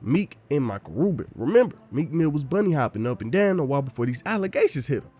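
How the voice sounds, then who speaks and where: A man's voice: on the high side, big pitch swings, quick pace, a little mellow, breathy edge. A man hosting a commentary channel, narrating events in a laid-back, slangy storytelling way.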